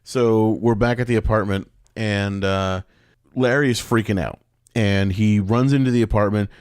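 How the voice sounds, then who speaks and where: A man's voice: lowish voice, fairly even intonation, moderate pace, clear, resonant tone, no echo, studio quality. A man co-hosting a podcast, chatting casually and a bit rambling as he recaps a sitcom episode. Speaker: podcast co-host.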